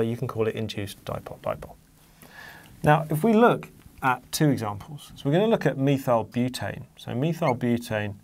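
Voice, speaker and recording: A man's voice: medium pitch, vocal fry, a little mellow. A man teaching an exam-focused chemistry lesson, patiently walking through diagrams and leaning hard on key words.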